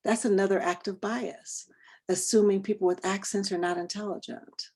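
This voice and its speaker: A woman leads a training session over a video call, talking conversationally and checking in with the group through quick questions. Her voice is mellow and relaxed. It sits at a middle pitch. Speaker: workshop trainer.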